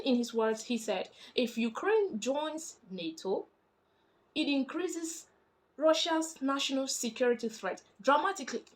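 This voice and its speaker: A woman, chatty and emphatic, explaining international politics in a casual vlog. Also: fairly high pitch. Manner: chatty and emphatic, animated when making points.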